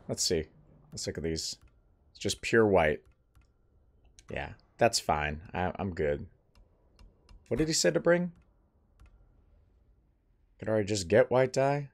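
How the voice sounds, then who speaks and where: Let's-play host: man, lowish voice, very lively pitch, playful and jokey commentary. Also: a little slow, vocal fry, pauses often. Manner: playful, jokey, talks to game characters. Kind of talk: casual gameplay commentary.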